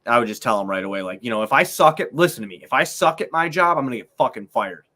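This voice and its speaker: A man's voice: medium pitch, lively intonation, fast, bright, forceful tone. A man hosting a casual sports podcast, ranting angrily and swearing constantly. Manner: profane, angry ranting. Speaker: podcast host.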